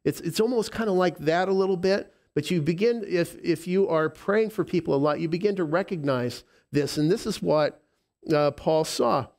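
A man preaching a sermon as pastor, speaking with a lisp, emotional and halting with frequent restarts, moving between soft tender moments and emphatic declarations. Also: on the high side.

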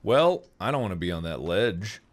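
A man's voice: low-pitched, very animated, moderate pace. A man streaming a horror game with friends, chatting casually and yelping at scares. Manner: jumpy, yelps and shouts at scares. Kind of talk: casual co-op gaming chat.

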